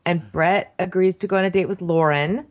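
A woman's voice: lowish voice, fairly even intonation, moderate pace. A woman co-hosting a casual recap chat, wry and blunt as she goes through her notes. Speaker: podcast co-host.

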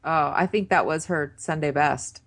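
A woman's voice: sits low, normal speed. A woman co-hosting a casual chat, wryly recapping a show and acting out quotes. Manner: wry, chatty, acts out quotes. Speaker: podcast co-host.

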